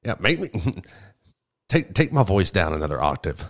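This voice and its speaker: Brief: male co-host, low animated voice, dry and halting, reads items aloud. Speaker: podcast co-host. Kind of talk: casual chat, reading news aloud.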